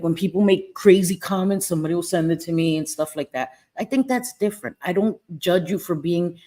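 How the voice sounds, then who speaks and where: A woman chats on her live stream in an ordinary middle-pitched voice. She is candid and emphatic, says her points twice over and swears without a second thought. She speaks straight to her viewers. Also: darkish tone. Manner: emphatic, repeats herself, candid, swears freely. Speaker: livestream host reading chat. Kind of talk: casual live-stream talk.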